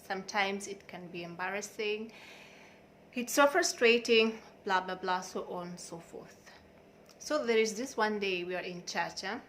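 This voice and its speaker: A young woman speaks straight to the camera in a candid personal vlog. She talks in an emotional, confiding and outspoken way. Her voice sits at a medium pitch, and faint background noise runs underneath. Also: moderate pace, a bit bright. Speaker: vlogger.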